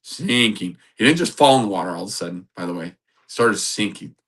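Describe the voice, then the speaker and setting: A man hosting a podcast, giving a sermon-like Bible talk, animated and laughing often. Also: on the low side, fairly quick, breathy edge. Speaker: podcast host.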